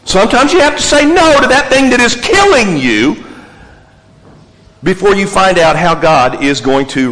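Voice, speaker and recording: Male pastor, slightly high voice, emphatic sermon delivery with repeated lists, reverberant hall sound. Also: gravelly. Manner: animated storytelling, repetitive emphatic lists.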